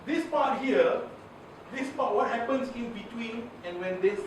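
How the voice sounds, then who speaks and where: High-voiced man teaching in an echoey hall. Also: a little slow, background noise. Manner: animated, laughs often, acts out examples. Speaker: communications trainer. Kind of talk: lively workshop talk. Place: large room with audience. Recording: very echoey room, voice from far off.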